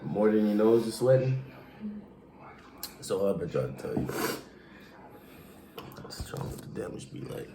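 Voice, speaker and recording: A man's voice: on the low side, big pitch swings, measured pace, pauses often, whispered. Laughing, swearing man in an echoey room. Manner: loud, laughing, swearing while eating hot noodles. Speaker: vlogger. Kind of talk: casual chat.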